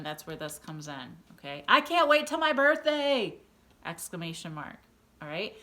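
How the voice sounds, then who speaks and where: A woman's voice: on the low side, a bit bright. A woman teacher giving a remote video lesson to her students, reassuring them and checking in with a frequent "okay?". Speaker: elementary school teacher.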